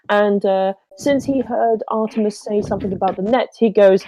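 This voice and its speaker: A woman's voice: mid-range voice, steady tone, moderate pace, dark tone, slight background noise, poor audio. A woman playing a tabletop game in casual chat, hesitant, with many ums and cheerful swearing. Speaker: player.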